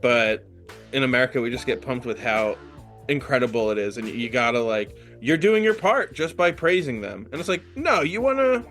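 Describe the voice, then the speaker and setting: A man's voice: mid-range voice, animated, moderate pace, a bit bright, faint music behind. A man co-hosting a podcast, trading jokes about a movie and giving earnest opinions. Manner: joking, then earnest opinions. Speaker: podcast co-host. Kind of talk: casual movie discussion.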